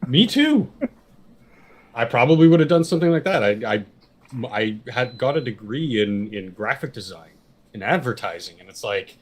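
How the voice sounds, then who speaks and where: A man's voice: mid-range voice, lively intonation, moderate pace, slightly rough. Opinionated man rambling on a podcast. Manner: rambling, opinionated, swears freely. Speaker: podcast co-host. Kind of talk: casual chat.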